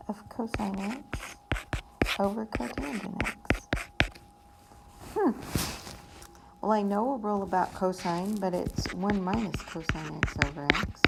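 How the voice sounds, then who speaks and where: A woman's voice: mid-range voice, unhurried, gravelly. A woman math teacher working through problems step by step in a recorded lesson, thinking aloud in a plain, patient way. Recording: loud background noise with pen writing sounds.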